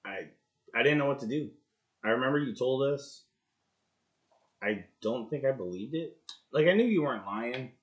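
A man in his thirties telling a war story in an interview, blunt and profane, going from loud outbursts to low mutters. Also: lively intonation, normal speed, pauses often. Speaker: podcast guest, former Marine.

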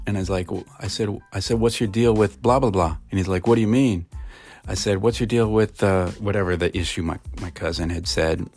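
A middle-aged man from Montana telling a rambling story casually, full of fillers and restarts. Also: low-pitched.

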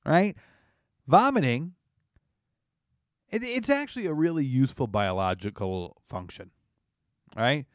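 A man's voice: medium pitch, lively intonation, a little slow, long pauses, no echo, clean studio sound. A man hosting a casual comedy radio show, playful and laughing often, explaining with frequent asides.

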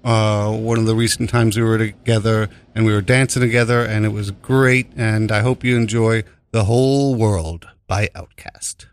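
A man's voice: lowish voice, steady tone, moderate pace, hardly any pauses, dry recording. Rambling, joking radio host man. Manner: rambling, joking, swears freely. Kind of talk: casual on-air chat. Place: radio studio. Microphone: studio microphone.

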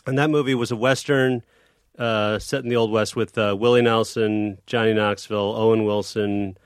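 A man's voice: lowish voice, moderate pace, clean tone, no echo, studio quality. A man telling stories as a podcast guest, acting out quoted dialogue as he goes. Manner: animated storyteller, acts out quoted dialogue. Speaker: guest, comedian and filmmaker. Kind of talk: casual podcast storytelling.

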